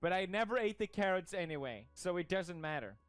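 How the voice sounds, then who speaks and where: A young man with a slightly high voice chats casually as a streamer. He jokes in a mock-outraged tone and laughs often. Faint music plays underneath. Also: lively intonation, brisk, no echo. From Sweden. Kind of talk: casual reaction commentary.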